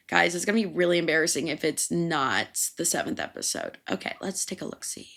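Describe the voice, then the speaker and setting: Young woman podcaster, lively pitch, bright voice, chatty and swears a lot, laughs at herself. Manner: rambling, profane, self-amused, laughs often. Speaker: podcast host. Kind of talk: casual solo podcast chat.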